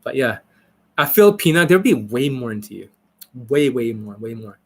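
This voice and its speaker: A man talks off the cuff on a live stream, blunt and profane as he rambles through viewer questions. His voice sits at a middle pitch for a man. He coaches in a loose, unscripted way. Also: very animated, normal speed. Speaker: dating coach.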